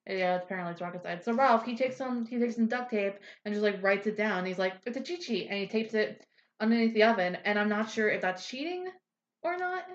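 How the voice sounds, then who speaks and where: A woman's voice: medium pitch, brisk. A woman co-hosting a casual podcast, chatting with lots of fillers. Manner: chatty, frequent fillers like "like" and "yeah". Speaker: podcast co-host. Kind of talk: casual chat. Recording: roomy, dull lo-fi sound.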